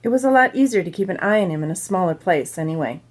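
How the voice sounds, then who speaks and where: A woman's voice: lowish voice, animated, fast. A woman reading a children's novel aloud, telling it in plain first-person storytelling. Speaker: reader.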